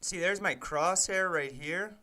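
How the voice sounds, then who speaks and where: A man's voice: sits high, unhurried, bright, forceful tone. A man live-streaming as he codes a game, casually muttering code terms and breaking into frustrated, profane rants. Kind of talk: casual live-stream commentary while coding.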